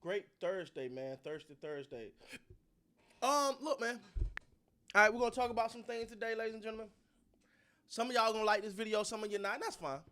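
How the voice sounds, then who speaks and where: A man's voice: high-pitched, a little fast, long pauses. A man hosting his own sports channel, talking casually to his viewers and giving his opinions in a loose, slangy, repetitive way. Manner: animated, repetitive, slangy, talks to the audience. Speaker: sports commentary host.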